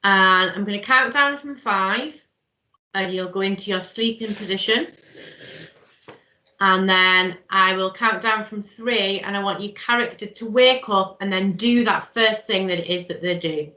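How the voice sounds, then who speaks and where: A woman's voice: mid-range voice, unhurried, sharp tone. A woman leading a drama workshop, giving step-by-step encouraging instructions. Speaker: workshop leader. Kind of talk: guiding a drama exercise. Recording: echoey room.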